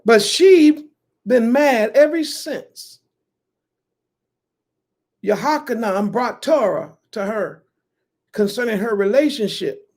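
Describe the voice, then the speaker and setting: A preacher giving a Sabbath sermon, talking slowly and emphatically, swinging from loud outbursts to hushed asides. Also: medium pitch, gravelly, breathy edge.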